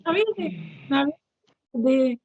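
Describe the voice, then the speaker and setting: Hesitant middle-aged Indian woman, higher voice. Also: animated, slow, a little mellow, highs cut off. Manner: hesitant, many fillers and restarts. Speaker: interviewee, NGO director. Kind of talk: casual English practice conversation.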